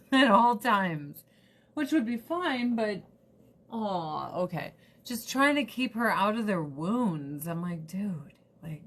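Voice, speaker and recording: A woman's voice: mid-range voice, fairly bright tone. A woman in her thirties from the United States, chatting casually and rambling to the camera as a vlogger, swearing now and then.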